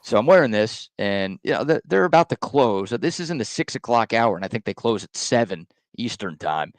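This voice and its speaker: A man hosting a sports talk show, telling stories in a joking, quick way and reading live ads. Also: lowish voice, big pitch swings, no echo.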